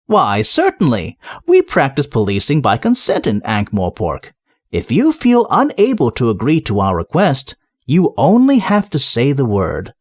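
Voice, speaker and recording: A man voicing an earnest, polite young male watch captain who speaks gently. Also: medium pitch, huge pitch swings, unhurried, no echo, studio quality. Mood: courteous. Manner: gentle, courteous.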